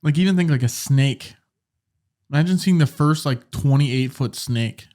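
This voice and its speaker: A young man with a mid-pitched voice, trading quick jokes in a relaxed podcast chat. He riffs on odd ideas and plays off the others. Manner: joking, riffing with quick comebacks. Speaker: podcast co-host. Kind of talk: casual chat.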